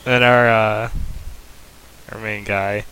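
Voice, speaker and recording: A man's voice: fairly low pitch, level tone, slow, background noise. A man co-hosting a casual chat show about manga, speaking hesitantly with fillers. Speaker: podcast co-host.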